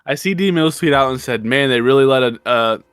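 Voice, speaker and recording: A man's voice: mid-range voice, brisk, fairly bright tone, clear, resonant tone, dry recording, clean studio sound. A man co-hosting a sports podcast, telling a story in a laid-back, chatty way. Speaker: podcast co-host. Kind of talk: casual sports podcast chat.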